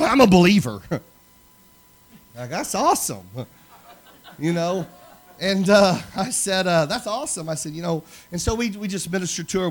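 A man preaching a sermon, telling personal stories in an animated way that swings from loud to hushed. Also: fairly high pitch. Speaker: pastor.

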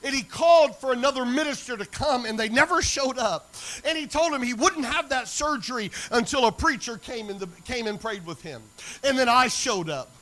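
Middle-aged preacher, animated storyteller, high and bright. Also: male voice, moderate pace, low-quality recording. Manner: animated storyteller acting out dialogue. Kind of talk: sermon storytelling.

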